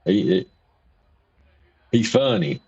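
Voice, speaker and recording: Gravelly man chatting on stream. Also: sits low, animated, slow, darkish tone. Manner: rambling, folksy, repeats himself. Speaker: livestream host. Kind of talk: casual livestream chat reading viewer comments. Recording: dull lo-fi stream audio.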